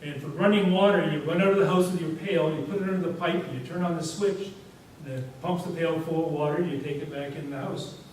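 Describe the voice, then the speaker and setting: A man's voice: a little high, fairly even intonation, fast, hardly any pauses. A man giving a presentation to a society, telling rambling anecdotes in a casual way with lots of fillers. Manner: rambling, anecdotal, frequent "you know" fillers. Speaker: guest speaker. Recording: echoey hall from far off, faint hiss.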